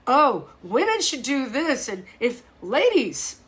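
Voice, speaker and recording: With a high voice that has a breathy edge, a middle-aged fitness coach takes it slowly as she chats on a live stream. Her casual talk is blunt, profane and animated, with lots of restarts.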